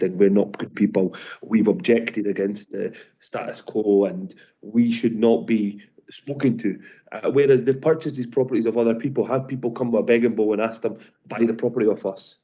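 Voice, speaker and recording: A man who owns property, speaking as an objector at a formal meeting in an earnest, halting way. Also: on the low side, mellow. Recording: dull lo-fi audio.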